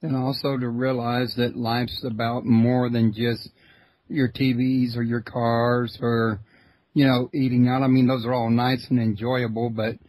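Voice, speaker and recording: A male host of a long-running radio show, talking in a folksy, relaxed way with plenty of fillers. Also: mid-range voice, a little slow, no echo, low-quality recording. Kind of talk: casual interview talk.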